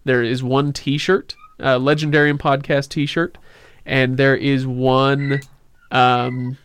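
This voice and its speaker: A man's voice: mid-range voice, level tone, takes it slowly, fairly bright tone, smooth, dry recording. A man hosting a casual podcast, talking in a loose, joking way with plenty of filler words. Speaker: podcast host.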